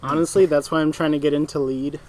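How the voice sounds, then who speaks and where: A man's voice: fairly high pitch, little pitch movement, fast talker, crowd noise. A young man co-hosting a casual podcast, chiming in with dry quips and short reactions. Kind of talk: casual chat, interjections.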